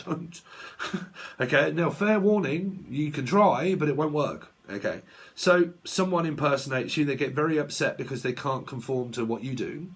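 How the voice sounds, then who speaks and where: Tarot guy ranting into his webcam, husky voice, swears a lot. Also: a little high, animated, normal speed. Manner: blunt, sweary, laughs often. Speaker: tarot reader. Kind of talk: casual vlog rant.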